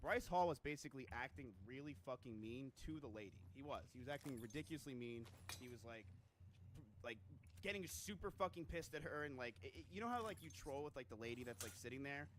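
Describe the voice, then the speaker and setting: A man's voice: mid-range voice, lively intonation, fast, fairly bright tone, a little hiss or hum. A man streaming a game, telling a story in a rambling, profane, incredulous way. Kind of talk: casual storytelling while gaming.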